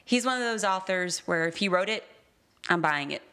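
A woman's voice: on the low side, lively intonation, moderate pace, sharp tone, clean tone. A woman co-hosting a podcast, chatting casually and enthusiastically, often trailing off mid-sentence. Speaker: podcast co-host. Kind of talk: casual chat.

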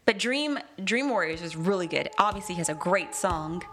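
A woman's voice: lowish voice, expressive, normal speed, loud music behind the voice. A woman co-hosting a podcast, chatting casually and enthusiastically, often trailing off mid-sentence. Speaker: podcast co-host. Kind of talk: casual chat.

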